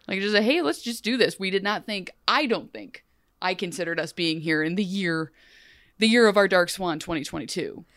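A young woman co-hosting a podcast in a loose, animated, rambling way, often breaking into laughter. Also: lowish voice, normal speed, no echo, clean studio sound. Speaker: podcast co-host. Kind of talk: casual podcast chat.

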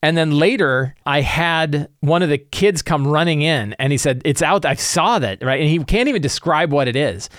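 Lively man sharing game-master tips. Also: a little high, normal speed, hardly any pauses, no echo, clean studio sound. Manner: animated, acts out players' reactions. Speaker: tabletop game master giving advice. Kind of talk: casual tips talk.

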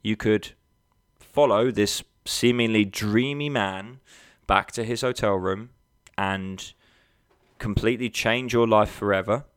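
A man with a fairly low voice talks straight to his listeners as a nutrition coach. His delivery is blunt and punchy, peppered with swearing. The sound is close and dry, with no room around it. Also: takes it slowly, clear, resonant tone, no echo. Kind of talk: casual motivational monologue.

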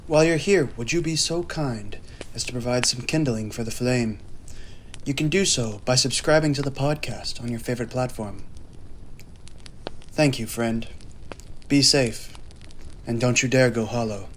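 A man's voice: medium pitch, normal speed, long pauses, slight background noise. Courteous male promo narrator. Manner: calm, courteous, old-fashioned formal phrasing. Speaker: podcast host in a promo spot. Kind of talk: scripted atmospheric narration.

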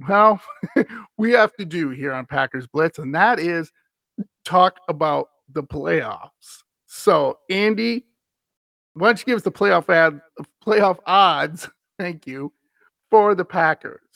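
A man's voice: on the high side, expressive, slow pace, gravelly, fairly bright tone, dry recording. A man co-hosting a casual sports podcast, laughing often and answering with short agreeing interjections. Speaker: podcast co-host.

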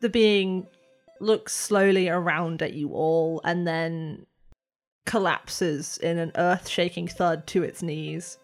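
A woman running a tabletop role-play as game master, describing scenes in a measured way and asking the players what they do. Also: lowish voice, fairly even intonation, faint music behind.

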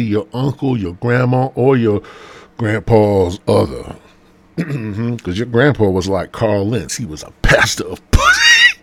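A podcast host rambles through a crude comedy monologue in a husky, lowish voice. He sounds laid-back and meandering, and he drops into mumbled asides. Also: darkish tone.

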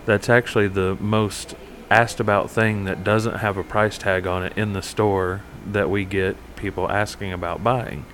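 A man co-hosting a podcast tells a rambling story in casual chat, packed with fillers and restarts. His voice is on the low side and level, a little slow with few pauses, fairly bright, over slight background noise.

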